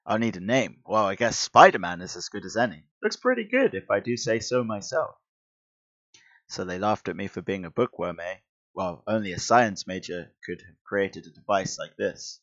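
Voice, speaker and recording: A man's voice: on the low side, very animated, normal speed, fairly bright tone, highs cut off. A man voicing a cocky young male science-student hero, declaiming comic-book lines. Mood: plotting.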